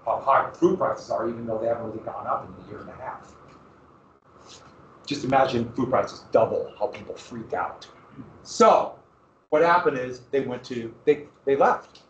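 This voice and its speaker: A man teaching a history class in a classroom, lecturing lively and often asking his students questions. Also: medium pitch, moderate pace, a little hiss or hum. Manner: lively, asks the class questions, restarts phrases. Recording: roomy, distant, dull classroom recording.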